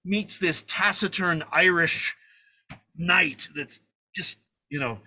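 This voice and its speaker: A man in his sixties, a film director as a guest, telling lively anecdotes, acting out quotes and swearing casually. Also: sits high, takes it slowly. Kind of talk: animated anecdote storytelling.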